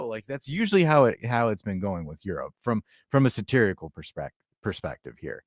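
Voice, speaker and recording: A man's voice: on the low side, sing-song, a little fast, no echo, clean studio sound. A man hosting a podcast, joking in casual chat and stumbling over his words. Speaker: podcast host.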